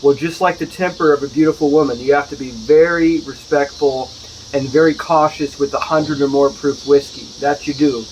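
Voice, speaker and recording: A man's voice: fairly high pitch, steady tone, moderate pace, darkish tone, slight background noise, low-quality recording. A man giving a casual, jokey whiskey review outdoors at home, full of chatty asides. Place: outdoors at home, with neighbors nearby.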